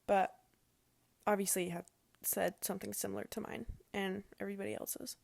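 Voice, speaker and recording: Casting: young woman storyteller, gushing and conversational, filler-heavy, plain mid-pitched voice, dry unroomy sound. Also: little pitch movement, a little fast, gravelly, a little mellow, dry recording. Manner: chatty and emotional, says "like" often. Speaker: vlogger. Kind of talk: casual personal storytelling.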